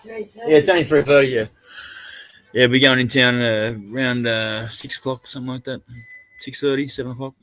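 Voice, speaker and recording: A man's voice: medium pitch, fairly even intonation, moderate pace, a bit bright, no echo. An Australian man chatting casually on a live stream, rambling and laid-back, swearing now and then.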